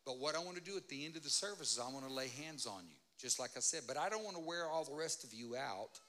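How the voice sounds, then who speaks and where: A man preaching as a guest speaker at a church, pleading with the congregation, calling for amens and swinging between loud and soft. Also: medium pitch, expressive, fast, slight background noise. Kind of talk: sermon.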